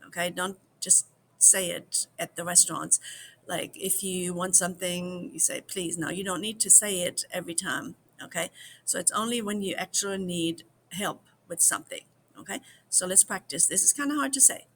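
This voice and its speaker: A woman from the United States giving a slow repeat-after-me language lesson, drilling each phrase several times for the viewers. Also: on the low side, fairly bright tone, a little hiss or hum. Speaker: language teacher.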